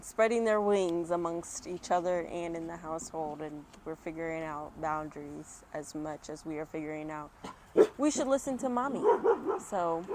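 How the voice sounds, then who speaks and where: At home, a mother with a lowish voice reads a picture book aloud into an external mic, adding chatty asides and laughing at herself. Dogs bark in the background, and there's other noise too.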